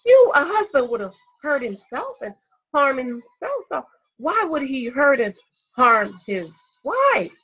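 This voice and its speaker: High-pitched sassy lady preaching relationship advice, lo-fi phone-ish sound. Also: very animated, slow pace. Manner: emphatic, sassy, repeats a punchline with rising pitch. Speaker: vlogger giving dating advice to women. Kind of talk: preachy casual monologue.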